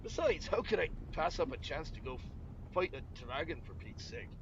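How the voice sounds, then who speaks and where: Man playing an old innkeeper itching for a fight, breezy, slightly high, muffled noisy audio. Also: brisk. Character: eager older male innkeeper, keen for a fight. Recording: muffled with steady background noise.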